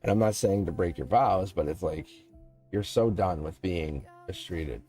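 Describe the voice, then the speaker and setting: A man's voice: low voice, moderate pace, warm tone, soft background music. A man hosting a live tarot reading, chatty and reassuring, speaking straight to a viewer and often laughing.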